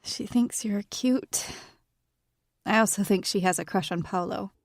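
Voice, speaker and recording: A woman voicing a guarded, weary young woman in a whispered role-play, speaking in a soft, hushed way. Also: medium pitch, unhurried, no echo, studio quality.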